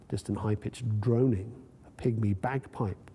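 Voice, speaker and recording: Man, author reading fiction, measured, husky voice, long reverb, university room. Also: medium pitch, animated, warm tone. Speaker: author reading his story. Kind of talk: literary reading. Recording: long reverb in a lecture hall.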